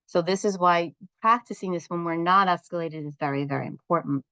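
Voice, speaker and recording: A woman leading a parent support group, explaining steps calmly and asking the group questions. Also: fairly low pitch, fairly quick, no room sound. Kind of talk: instructional talk to a group.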